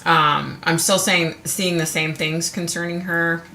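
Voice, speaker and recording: A chatty woman hosts a casual live stream from home, talking straight to her viewers. Her voice sits a little low yet sounds bright and forceful. She speaks frankly and lets the odd curse word slip. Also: flat delivery, measured pace. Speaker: livestream host.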